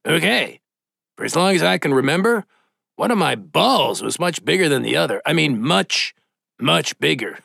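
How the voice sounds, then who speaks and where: Casting: man playing a chatty dude, pitched up, bouncy. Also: moderate pace, creaky, husky, no echo, studio quality, exaggerated voice. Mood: excitable. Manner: excitable, slangy. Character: goofy young male slacker, chatty.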